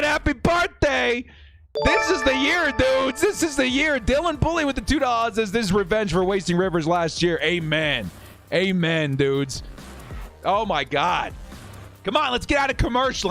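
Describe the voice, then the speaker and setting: Man, 30s, high voice, live stream host, excited game commentary, reads donations, shouting, faint music behind. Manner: exuberant, shouting, reading donations aloud. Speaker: live stream host of a fan watch party.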